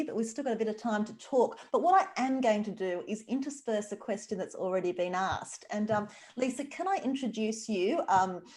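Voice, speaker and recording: A woman's voice: mid-range voice, a little mellow. A woman with an Australian accent moderating a live festival conversation with a novelist, speaking in an enthusiastic, conversational way. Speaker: interviewer and moderator.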